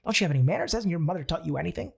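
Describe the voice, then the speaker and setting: A high, fussy, scolding inner voice of doubt, put on by a man who tells off its owner. It sounds thin and nagging, with a gravelly edge underneath. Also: big pitch swings, racing, full character voice.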